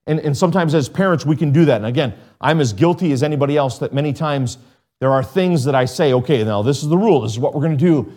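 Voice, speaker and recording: A middle-aged man preaching a sermon in an earnest, conversational way, with sudden jumps in pitch and volume. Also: fast, a little mellow. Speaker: pastor.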